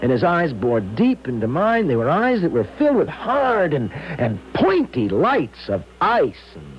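A man's voice: fairly high pitch, wildly swooping pitch, measured pace, muffled recording, a little hiss or hum. An actor playing a timid, nervous young man who stammers and hesitates, in old-time radio acting. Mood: nervous storytelling.

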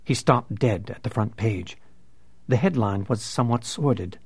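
A man narrating an audiobook in a measured, unhurried way. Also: fairly low pitch, darkish tone, slightly rough, no echo.

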